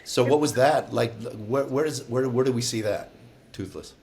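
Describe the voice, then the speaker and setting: A man's voice: mid-range voice, normal speed, a little mellow. A man co-hosting a podcast, jokey and blunt, swearing casually as he chats. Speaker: podcast co-host. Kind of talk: casual interview chat.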